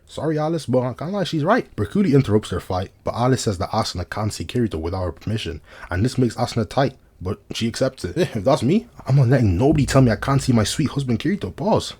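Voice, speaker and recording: Brief: male recap commentator, low husky voice, rapid slangy comedic delivery. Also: darkish tone. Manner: slangy, joking asides to viewers. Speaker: anime recap narrator.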